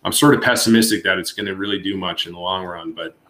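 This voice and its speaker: A man with a very low voice speaks as a guest on a panel, halting and restarting as he thinks. His tone is bright and forceful. The room around him sounds echoey. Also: fairly even intonation. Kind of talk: panel discussion.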